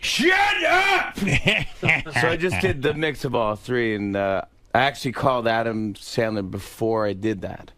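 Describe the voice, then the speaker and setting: A young man on a radio show as a comedian guest, modest and easygoing, quick to laugh. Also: lowish voice, fairly bright tone. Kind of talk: casual interview. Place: radio studio.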